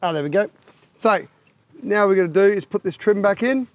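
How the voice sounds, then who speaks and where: A man's voice: high-pitched, brisk. A man with an Australian accent presenting a casual, jokey how-to install video and laughing at his own fumbles. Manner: larrikin banter, laughs at himself.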